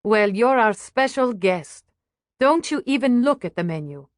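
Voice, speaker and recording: A woman's voice: a little high, animated, unhurried, dry recording, clean studio sound, pitched above the performer's own voice. A woman voicing a cheerful older female waitress who sounds grandmotherly and welcoming. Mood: insistent. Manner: bright, bustling, welcoming.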